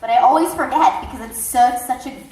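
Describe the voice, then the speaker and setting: A woman's voice: sits high, brisk, darkish tone, slight background noise. A woman, a voice actor on a convention panel, telling a casual story in a chatty, stop-and-start way. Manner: chatty, self-interrupting. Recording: echoey hall recorded from far off.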